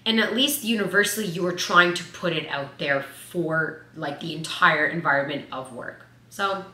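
A woman in her twenties giving casual life advice in a vlog, chatty and animated, with lots of "like". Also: on the low side, normal speed. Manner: chatty, animated, says "like" a lot. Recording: echoey room.

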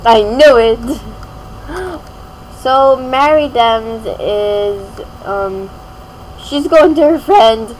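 Giggly woman narrating her gameplay, unhurried. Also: fairly high pitch, slight background noise, rough recording. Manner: giggly, excitable, talks to herself while playing. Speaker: gaming video creator. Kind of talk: casual gameplay commentary.

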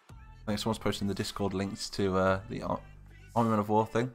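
A man's voice: lowish voice, little pitch movement, a little fast, faint music behind. A man from England, chatting casually on a live stream, thinking aloud with hesitant muttered asides.

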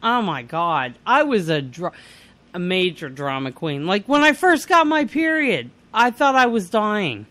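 A woman's voice: medium pitch, unhurried, dry recording. A middle-aged woman hosting a casual talk show, telling stories with lots of laughter and acting out quotes. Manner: animated, laughing, acts out quotes. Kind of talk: casual chat, storytelling.

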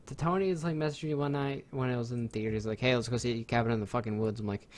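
A young man co-hosting a podcast, talking in a rambling, excitable way with lots of fillers and swearing. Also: mid-range voice, fast, few pauses. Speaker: podcast co-host. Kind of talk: casual chat.

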